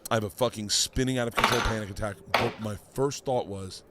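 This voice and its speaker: A middle-aged man, a comedian, telling a story on a podcast in a casual, animated way, swearing freely and acting out what others said. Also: fairly low pitch, a little fast, heavy background noise. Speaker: comedian guest.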